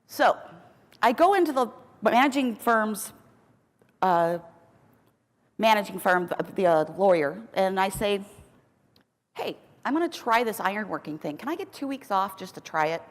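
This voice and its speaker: Lively, humorous woman speaking in a hall. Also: medium pitch, normal speed, pauses often. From United States. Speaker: keynote speaker. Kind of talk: storytelling keynote speech. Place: large conference hall. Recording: long reverb of a large hall.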